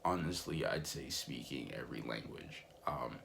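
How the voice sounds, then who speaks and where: A man's voice: a bass voice, animated, moderate pace, gravelly, fairly bright tone, slight background noise. A young man vlogging in a rambling, laid-back way, full of fillers. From United States. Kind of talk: casual vlog monologue.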